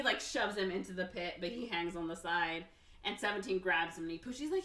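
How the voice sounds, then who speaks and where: A woman podcast host casually retelling a film's plot, slipping into quick voices for each character. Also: mid-range voice, fairly bright tone. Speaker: podcast host recapping a film. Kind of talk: casual chat. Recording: echoey room, somewhat far from mic.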